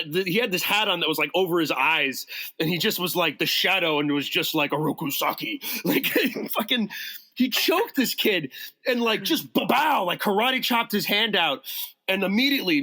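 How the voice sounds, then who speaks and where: A man, a podcast guest, telling a rowdy story in casual chat, animated and profane, acting out the quotes. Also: sits high.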